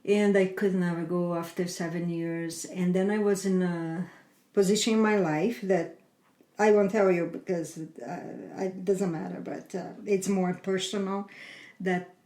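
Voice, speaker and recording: Earnest middle-aged woman, lowish voice. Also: fairly even intonation, mellow. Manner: earnest, halting, with non-native phrasing. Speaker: guest. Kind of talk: personal storytelling in a conversation. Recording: roomy echo.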